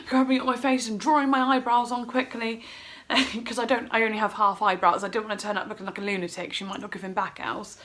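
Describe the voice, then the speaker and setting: Woman, middle-aged, fairly high voice, emotional rambling story, acts out quotes, at home. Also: fairly quick, pushed and bright. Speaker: vlogger. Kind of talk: casual storytelling vlog.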